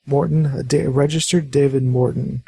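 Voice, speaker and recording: A man acting as game master of a tabletop role-playing game, talking in a relaxed, hesitant way with many fillers. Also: medium pitch, normal speed, vocal fry, breathy edge, no room sound.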